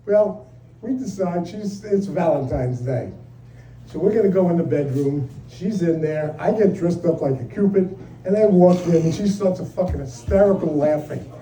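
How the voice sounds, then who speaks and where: A man's voice: high voice, expressive, moderate pace, mellow. An older man doing a stand-up set, telling profane, exasperated stories about married life. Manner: brash, profane, exasperated storytelling. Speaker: stand-up comedian. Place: comedy club stage. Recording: roomy live club sound from a distant mic. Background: audience laughter.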